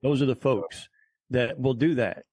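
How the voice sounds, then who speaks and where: A man co-hosting a podcast, speaking in a measured way and quoting scripture in casual chat. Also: medium pitch, darkish tone, breathy edge, no room sound. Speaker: podcast co-host.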